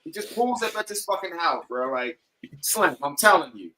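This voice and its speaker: A man with a bright, forceful voice sitting a little higher than most men, telling a story as a podcast guest. He talks casually with plenty of swearing and slips into the voices of the people in his story. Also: moderate pace, slight background noise, poor audio. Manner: animated, profane, acts out quoted lines.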